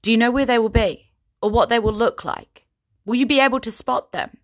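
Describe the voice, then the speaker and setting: A woman's voice: a little high, a little fast, voice pushed up, lightly acted. A woman voicing a determined young female spellcaster who pleads urgently.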